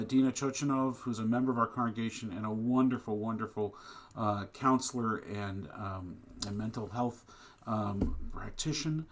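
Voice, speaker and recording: A male rabbi giving a sermon at a streamed service. His voice sits at an ordinary middle pitch and shifts from casual announcements to earnest, impassioned preaching. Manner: plain and conversational in announcements, rising to impassioned preaching. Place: synagogue service, streamed online.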